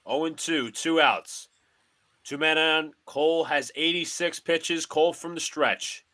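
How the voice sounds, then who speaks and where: A man hosting a live fan stream, calling each pitch of a baseball game in short clipped phrases. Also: a little slow, pushed and bright. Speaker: play-by-play host of a fan stream. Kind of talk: live fan play-by-play commentary.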